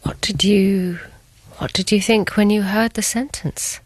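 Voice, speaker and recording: A woman's voice: mid-range voice, fairly even intonation, a little slow, husky, no room sound. Woman asking direct interview questions.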